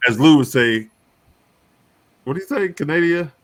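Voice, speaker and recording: A man's voice: medium pitch, animated, normal speed. A man co-hosting a casual talk radio show, chatting in a laid-back way.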